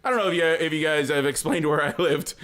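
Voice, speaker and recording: A man's voice: a little high, fast talker. A man telling a story on a podcast in casual chat, laughing often and acting out the people in it. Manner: animated, laughs often, acts out quotes.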